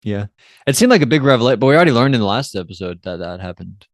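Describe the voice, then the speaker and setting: With rapid-fire delivery, medium pitch, and lively intonation, a podcast co-host rambles loosely through an episode recap in clean studio sound with no room echo. He uses fillers and playfully acts out the characters' lines.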